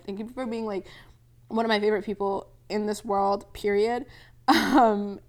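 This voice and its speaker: A twenty-one-year-old woman hosting a casual solo podcast, chatty and rambling, with lots of "like" and little laughs. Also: medium pitch. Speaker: podcast host. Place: home, near a balcony.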